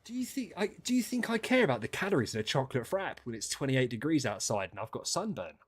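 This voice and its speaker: A man streaming casual chat with viewers, ranting and swearing, dropping to mutters and then rising to loud outbursts. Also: medium pitch, big pitch swings, fast, slightly rough, faint music behind.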